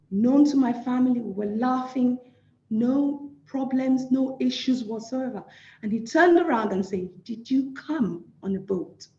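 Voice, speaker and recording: Nigerian woman lecturer, high lively voice, mellow tone, roomy slightly dull recording. Emphatic delivery. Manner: emphatic, repeats phrases for stress. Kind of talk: award lecture.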